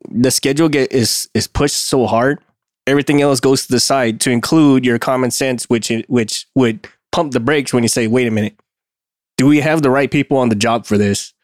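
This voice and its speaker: A man's voice: mid-range voice, no echo, clean studio sound. A man co-hosting a casual podcast, agreeing and adding his own view. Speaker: podcast co-host. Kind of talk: casual chat.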